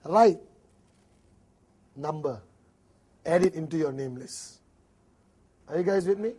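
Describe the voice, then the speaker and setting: A man's voice: a little high, slow, mellow, breathy edge. A man with a Malaysian English accent giving a motivational network marketing seminar, acting out little dialogues and often laughing.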